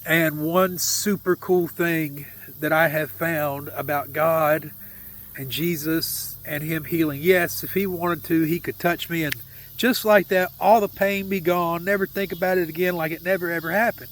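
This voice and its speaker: A man's voice: on the high side, steady tone, a little slow, fairly bright tone, slight background noise. A man telling a personal faith story in an earnest, heartfelt and emotional way. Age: adult with a young son. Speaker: vlogger sharing a faith testimony.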